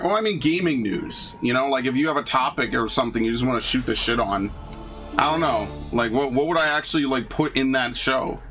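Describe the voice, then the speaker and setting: A young man narrating his playthrough in a loose, profane ramble. His voice sits at an ordinary middle pitch. Faint music plays underneath. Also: a bit bright. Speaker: gaming YouTuber. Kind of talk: casual let's-play commentary.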